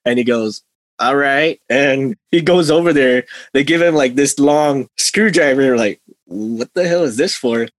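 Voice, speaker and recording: A man co-hosting a laid-back podcast, retelling a story a listener sent in. His voice is mid-pitched and dry and close, with no echo. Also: unhurried. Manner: relaxed storytelling, reads listener stories. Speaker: podcast co-host. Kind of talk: casual chat.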